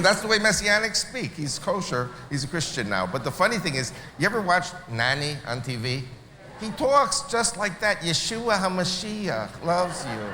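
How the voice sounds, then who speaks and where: A man from Israel telling a story to an audience, animated and acting out the people he quotes. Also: a little high. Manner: animated, acts out quoted voices. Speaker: speaker at a church meeting. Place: large hall. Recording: echoey hall with faint noise.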